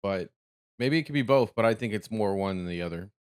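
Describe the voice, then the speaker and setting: A man's voice: lowish voice, lively intonation, brisk, clear, resonant tone. A man hosting a reaction video, rambling through his thoughts with lots of restarts and easy laughter. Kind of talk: casual reaction commentary.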